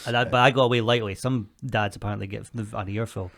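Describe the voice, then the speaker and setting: A man's voice: on the low side, fairly even intonation, quick pace, vocal fry, a bit bright. A young man co-hosting a casual comedic podcast, telling a story and acting out what others said. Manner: storytelling with acted quotes of others. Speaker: podcast co-host.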